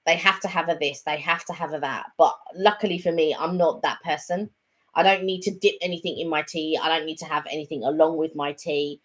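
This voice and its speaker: Chatty woman, slightly low voice. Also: fairly even intonation, fast, few pauses. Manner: chatty, rambling with many fillers and restarts. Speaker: co-host of a live chat. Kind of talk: casual chat.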